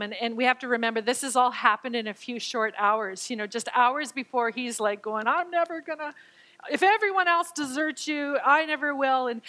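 A woman preaching a sermon, moving between reading scripture and explaining it in her own words. Her voice sits fairly high and sounds bright and forward. She acts out the quoted lines and sometimes stammers as she gets excited. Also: low-quality recording.

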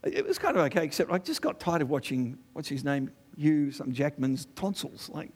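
An Australian man in middle age delivers a lively sermon, throwing rhetorical questions and quick asides at his listeners. His voice sits a little high for a man and swings widely in pitch as he presses each point. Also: slightly rough. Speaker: preacher.

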